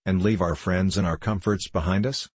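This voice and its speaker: Stubborn scoffing neighbor read by a man, low husky voice, bossy. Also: steady tone, moderate pace, no echo. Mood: scornful. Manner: scoffing, bossy old-fashioned speech. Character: stubborn scornful male neighbor, grown man. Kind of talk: storybook reading.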